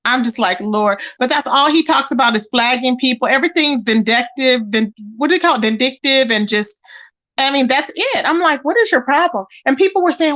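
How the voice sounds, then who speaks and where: A woman hosting a casual online chat. She talks in a sassy, animated way and calls her listeners child and baby. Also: high-pitched, fairly quick, muffled recording. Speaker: YouTube commentary host. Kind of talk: casual chat to a live audience.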